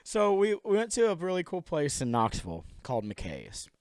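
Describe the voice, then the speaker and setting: A young man co-hosting a casual podcast, spinning a rambling story and bursting into laughter as he acts out friends' lines in goofy voices. His voice sits a touch high and swings all over the place. The mic is close, with a dry sound. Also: huge pitch swings, normal speed, darkish tone, dry recording. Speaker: podcast co-host.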